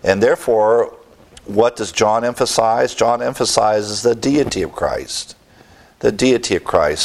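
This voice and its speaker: A man teaching a Bible lesson, speaking slowly and deliberately with frequent restarts and fillers. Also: on the low side.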